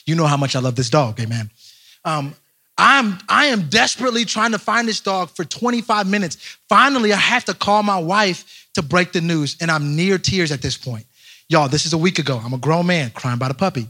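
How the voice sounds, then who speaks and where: A young man, a pastor, preaching a lively storytelling sermon straight to his congregation. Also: sits high, moderate pace. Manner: animated, speaks straight to the congregation.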